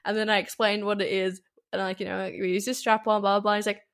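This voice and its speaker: A woman's voice: mid-range voice, level tone, fast talker. A woman hosting a casual podcast conversation as a sex educator, chatty, with lots of fillers and frequent laughs.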